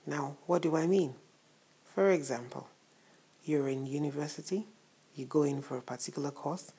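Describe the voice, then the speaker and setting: A woman preaches a morning sermon in a conversational way, her deep voice warm, breathy, and edged with vocal fry. She fills it with rhetorical questions and laughs at times.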